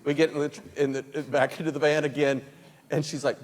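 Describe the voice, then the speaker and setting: A man's voice: a little high, flat delivery, brisk. A man speaking at a youth convention, telling a shared story with playful, teasing interruptions. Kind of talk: storytelling with his wife on stage. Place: large convention hall. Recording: long hall reverb, faint ambience.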